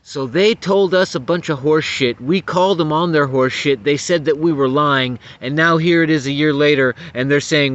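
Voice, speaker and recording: A man's voice: fairly high pitch, normal speed, hardly any pauses, fairly bright tone. A man giving an angry, profane political rant to camera, getting worked up and stumbling over repeated words. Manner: profane, agitated, stumbling restarts. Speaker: vlogger. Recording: dull lo-fi audio.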